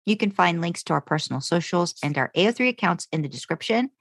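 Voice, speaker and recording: A woman's voice: lowish voice, animated, fast, no room sound, studio quality. A woman co-hosting a casual podcast, easygoing and giggly as she reads out where to reach the show. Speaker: podcast co-host.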